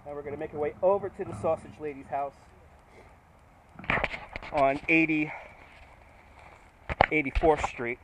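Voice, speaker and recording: A man's voice: on the high side, steady tone, a little slow, pauses often, noisy background. Chatty man streaming a street tour. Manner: chatty, talks to viewers while biking. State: out of breath going uphill. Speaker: livestream tour guide. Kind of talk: casual live-streamed walking tour. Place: outdoors on city streets at night.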